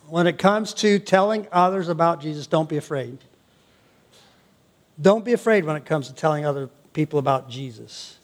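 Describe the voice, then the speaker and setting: An older man delivers a sermon in a high, bright-sounding voice. He preaches in an animated way, breaking into laughing asides and playful exclamations. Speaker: pastor.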